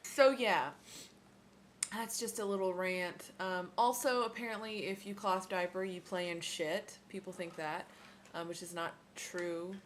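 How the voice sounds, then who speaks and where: A woman's voice: on the low side, steady tone, unhurried, slight background noise. A young woman ranting casually to her camera at home about motherhood, sarcastic and swearing, with many ums. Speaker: vlogger.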